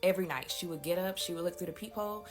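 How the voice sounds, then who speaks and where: Brief: woman storyteller, chatty, a bit low-pitched, talks to viewers, music under her voice. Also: very fast. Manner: chatty, addresses viewers directly. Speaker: storytime host. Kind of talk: casual storytime narration. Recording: music playing behind the voice.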